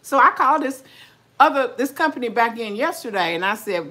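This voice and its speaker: A woman's voice: mid-range voice, lively intonation, normal speed, bright, forceful tone. An older woman, chatting casually with viewers while eating, folksy and talkative. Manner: folksy, chatty, talks with mouth full. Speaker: vlogger.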